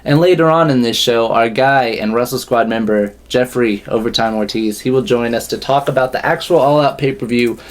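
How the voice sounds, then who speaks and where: A man's voice: medium pitch, a little fast, few pauses. A man hosting a casual wrestling podcast. He is upbeat, laughs often, and sounds tired from a late night. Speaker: podcast host. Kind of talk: casual chat.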